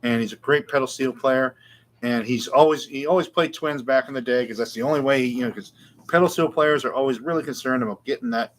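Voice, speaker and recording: A man's voice: mid-range voice, fairly quick. A middle-aged man, hosting a casual live guitar Q&A with rambling, self-deprecating chat. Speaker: guitar shop show host.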